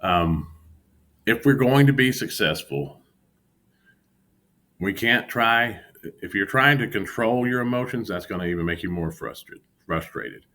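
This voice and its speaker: Earnest low-voiced man vlogging candidly. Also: expressive, unhurried, pauses often, sharp tone. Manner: earnest, self-critical, with frequent restarts. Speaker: futures day trader vlogger. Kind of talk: candid reflective monologue to camera. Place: home room with an exercise bike.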